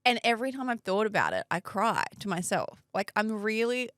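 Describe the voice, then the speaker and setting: A woman's voice: mid-range voice, very animated, brisk, a bit bright, no echo. A woman in her thirties co-hosts a podcast in casual chat. Her voice swings freely up and down as she tells stories and laughs along. The sound is close and dry. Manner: chatty storyteller, laughs often. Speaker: podcast co-host.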